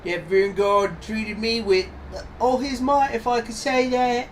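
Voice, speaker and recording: A man's voice: extremely high pitch, fairly even intonation, measured pace, far from the mic, slight background noise, pitched above the performer's own voice. A man voicing a sly, unflustered Cockney brothel madam, reading game dialogue aloud in a chirpy, evasive manner. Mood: cheeky, evasive.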